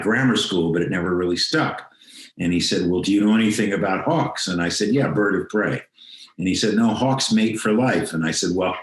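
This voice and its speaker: A man's voice: on the low side, echoey room. An older man, a guest on a video call interview, telling a personal story reflectively and acting out the dialogue he quotes.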